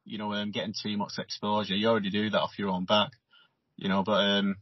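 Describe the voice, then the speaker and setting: A man's voice: lowish voice, quick pace, dry recording. A man hosting a podcast, chatting casually with his guest. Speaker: podcast host. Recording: dull lo-fi dry sound.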